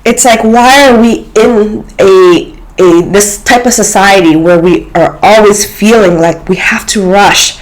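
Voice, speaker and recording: A woman's voice: medium pitch, a little slow, rough recording. A woman vlogger talking to her viewers in an earnest, reflective way, with many fillers and restarts. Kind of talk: casual spiritual talk to camera.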